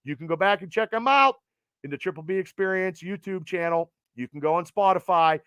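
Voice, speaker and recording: A man's voice: high voice, fairly quick, fairly bright tone, smooth, no room sound. A man hosting a podcast, rattling off event plugs in an announcer cadence and swearing casually. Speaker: podcast host.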